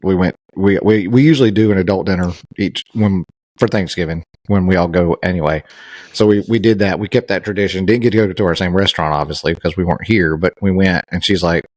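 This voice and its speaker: A man with a low voice co-hosts a podcast, talking close to the microphone. He is chatty and quick with asides in a casual conversation. The sound is dry, with no room sound. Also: darkish tone, dry recording. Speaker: podcast co-host. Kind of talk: casual chat. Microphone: studio podcast mic.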